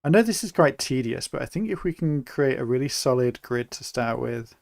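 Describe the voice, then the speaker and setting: A young man from England giving relaxed, chatty live commentary while he plays a city-building game, thinking aloud as he goes. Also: medium pitch, moderate pace, creaky, no echo. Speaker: streamer.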